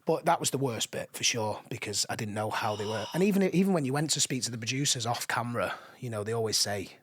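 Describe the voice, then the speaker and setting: A man, a podcast guest telling animated stories with frequent laughs. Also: medium pitch, quick pace, husky, dry recording. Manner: animated storytelling, laughs often. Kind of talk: casual chat. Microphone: studio mic.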